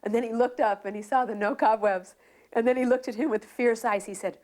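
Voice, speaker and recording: A woman recounting devotional memories in a relaxed, storytelling way, soft-spoken, with fillers and restarts. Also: on the high side, fairly quick. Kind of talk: reminiscing storytelling.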